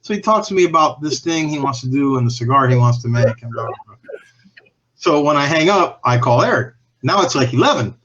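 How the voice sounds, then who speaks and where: A man's voice: medium pitch, animated, a little fast, lo-fi sound, noisy background. A man guesting on a podcast, telling cigar-industry stories in a candid, profane, rambling way that often restarts and trails off. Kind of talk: casual anecdotal storytelling.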